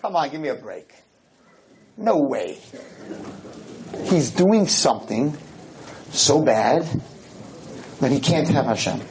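A man, a rabbi, giving a storytelling lecture to an audience, animated and acting out the dialogue. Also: medium pitch, slow pace, pauses often, a little hiss or hum, poor audio. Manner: animated, acts out dialogue, sprinkles in Hebrew and Yiddish terms.

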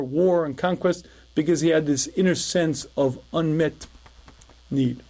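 A middle-aged man with a notably high-pitched voice teaches a lecture as a rabbi. He tells stories in a relaxed conversational way and clears his throat often as he goes. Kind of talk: recorded lecture with storytelling.

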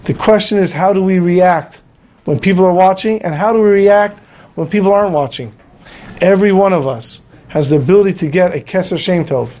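A man's voice: high voice, a little fast, darkish tone. A man telling a story in a Torah class, acting out the voices of the people in it. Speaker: rabbi.

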